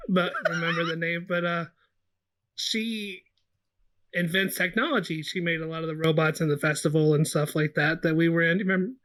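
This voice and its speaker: A man's voice: on the high side, fairly even intonation, moderate pace, a bit bright. A young man playing in a tabletop game, eager and prone to laughing. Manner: giggly, eager in-character talk. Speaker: podcast regular, player. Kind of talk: casual podcast game play.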